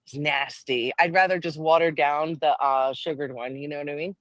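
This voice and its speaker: A woman's voice: low voice, steady tone, moderate pace, no echo. A woman calling into a live stream, chatty and teasing. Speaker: guest caller on a live stream. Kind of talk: casual live-stream chat.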